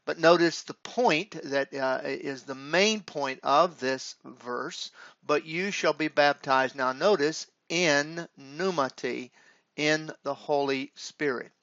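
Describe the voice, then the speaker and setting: A man teaching Greek grammar in a halting, deliberate way, with frequent filler pauses. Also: a little high, fairly bright tone, no room sound. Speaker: Greek professor. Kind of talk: grammar lecture. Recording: dull lo-fi dry recording.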